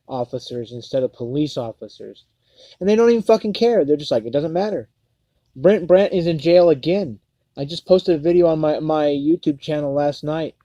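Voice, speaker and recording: A man's voice: on the high side, dark tone, dry recording, lo-fi sound. Profane man ranting on a livestream. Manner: profane, heated, repetitive stammering restarts. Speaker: livestream host. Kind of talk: angry livestream rant.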